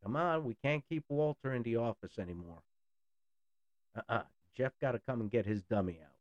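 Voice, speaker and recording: A man's voice: mid-range voice, a little fast, no room sound, dull audio. A man in a blunt, sarcastic ranting monologue who swears freely. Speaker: political commentator.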